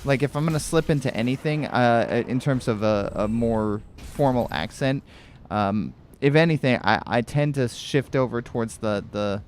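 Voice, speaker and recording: A man's voice: mid-range voice, normal speed, a little mellow, slight background noise. A man from Connecticut talking casually while playing a video game, rambling with frequent restarts and fillers. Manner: rambling, chatty, many restarts. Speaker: gaming streamer. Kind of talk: casual let's-play commentary.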